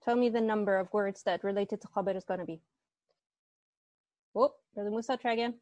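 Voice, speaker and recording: A woman's voice: medium pitch, steady tone, fairly quick, darkish tone, dry recording, dull audio. Woman teaching an online Arabic grammar class. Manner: patient, explains step by step, asks students questions. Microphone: earbuds.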